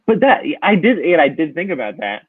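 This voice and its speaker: A man's voice: a little high, big pitch swings, brisk, dry recording. Anxious rambling man on a tinny line. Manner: anxious, rambling, lots of fillers. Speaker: guest asking for advice. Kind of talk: casual comedic advice chat. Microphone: video call. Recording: tinny phone-like dry line.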